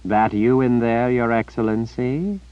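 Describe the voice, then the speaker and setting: A man's voice: medium pitch, a little slow, smooth, no room sound, highs cut off, voice pushed up, lightly acted. A man reading an audiobook, voicing an arrogant, theatrical male sorcerer who drawls and dismisses others with scorn. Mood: haughty.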